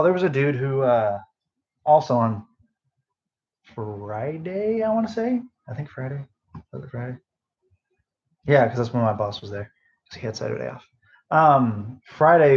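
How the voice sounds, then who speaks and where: A young man rambling through a story from his retail job, losing his thread and wandering into asides, sounding sleep deprived. His voice sits at an ordinary middle pitch. The phone on his bedside table gives the sound a slightly dull, muffled quality. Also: slight background noise. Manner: rambling, lots of fillers and asides. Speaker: podcast host. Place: bedroom, phone on end table.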